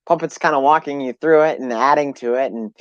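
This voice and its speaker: A man interviewing in a relaxed chat, eager and affirming. His voice is mid-pitched. The sound is dry and a bit lo-fi. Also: a little fast, dry recording. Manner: enthusiastic, many backchannels. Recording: dry, slightly lo-fi audio.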